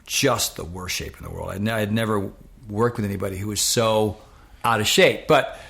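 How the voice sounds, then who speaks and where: Middle-aged man, interview guest: low gravelly voice, animated storyteller. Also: a little fast. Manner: animated anecdote-telling, acts out quoted voices. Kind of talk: casual storytelling.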